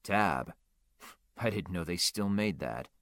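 Audiobook figure: laconic male cop, low drawl, clipped questions, done by a male narrator. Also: animated, slow, fairly bright tone, dry recording, exaggerated voice. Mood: skeptical. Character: skeptical, laconic male police detective.

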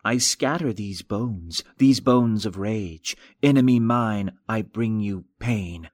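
A man voicing a menacing phone caller who chants a curse in a slow, rasping whisper. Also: fairly low pitch, a little mellow, no room sound, clean studio sound. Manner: slow, deliberate incantation.

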